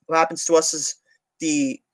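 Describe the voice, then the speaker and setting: On the high side with little pitch movement, this young man's fairly bright voice moves at a moderate pace, recorded with no room sound. A transit channel streamer, he rambles through casual livestream chat, swearing heavily and restarting often.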